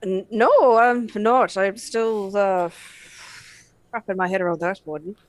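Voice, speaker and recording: A woman's voice: mid-range voice, takes it slowly. Hesitant woman playing in character. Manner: hesitant, nervous, with fillers. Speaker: player. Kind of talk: in-character tabletop role-play.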